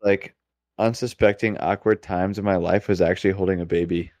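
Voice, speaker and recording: A young man co-hosting a podcast, telling rambling stories in casual chat with halting restarts. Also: low voice, steady tone, darkish tone, no echo. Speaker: podcast co-host.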